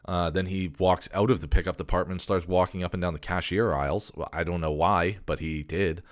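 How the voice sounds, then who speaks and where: A man's voice: low-pitched, fairly even intonation, brisk, no echo, studio quality. A man telling a long, exasperated story in casual podcast chat, swearing and restarting his sentences often. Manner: exasperated, profane rant with many restarts. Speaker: podcast host.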